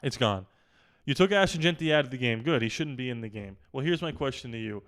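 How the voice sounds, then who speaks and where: A man hosting a sports video, giving an exasperated, opinionated rant that keeps building to loud outbursts. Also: medium pitch, animated, fast. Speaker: sports vlogger.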